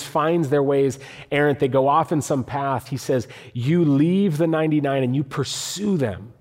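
A man's voice: mid-range voice, a little mellow. Man preaching in an echoing hall. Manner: earnest, builds to emphatic readings of scripture. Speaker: pastor. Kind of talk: sermon. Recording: hall reverb.

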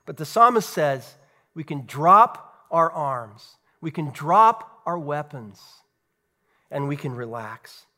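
A man, a pastor, preaching a sermon earnestly, with rhetorical questions and dramatic pauses. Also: fairly high pitch, animated, pushed and bright.

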